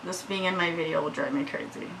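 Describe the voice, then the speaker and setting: Speaking fast with vocal fry, this woman has a fairly low, fairly even voice, recorded with heavy noise. She's a beauty vlogger doing a casual makeup tutorial at home, anxious and shaky, cursing freely and shouting at her dogs.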